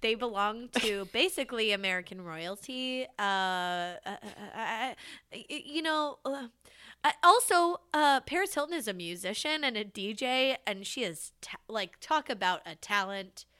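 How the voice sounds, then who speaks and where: A woman's voice: a little high, animated, moderate pace, bright, forceful tone, clean tone. A woman co-hosting a podcast in casual chat, bubbly, jokey and sarcastic. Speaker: podcast co-host.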